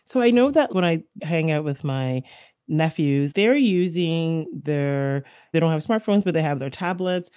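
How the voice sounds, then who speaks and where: A woman's voice: low voice, expressive, measured pace, mellow, smooth, no room sound, clean studio sound. A woman hosting a podcast interview, asking questions conversationally with personal examples. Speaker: podcast host.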